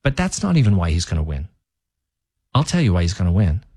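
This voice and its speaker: A man's voice: sits low, big pitch swings, fast, warm tone, dry recording, clean studio sound. Opinionated male talk radio host. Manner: opinionated, conversational, with frequent restarts.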